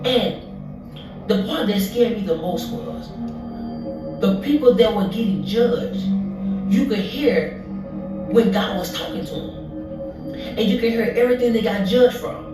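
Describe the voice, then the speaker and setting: A speaker recounting a vivid dream in a halting way, with many restarts and fillers, heard as a played recording. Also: mid-range voice. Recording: echoey, distant, with music behind.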